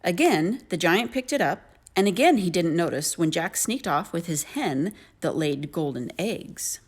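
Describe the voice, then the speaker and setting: A woman narrating a children's story aloud in an animated, lilting way. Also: fairly low pitch, measured pace.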